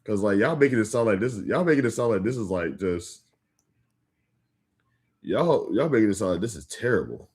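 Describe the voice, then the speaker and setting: A young man hosts a casual livestream from home, talking straight to his chat in a slangy, rambling way full of "like" and restarts. His voice sits on the low side for a man, and it jumps up when something surprises him. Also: expressive, brisk, pauses often, darkish tone. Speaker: livestream host. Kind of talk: casual live-stream chat with viewers.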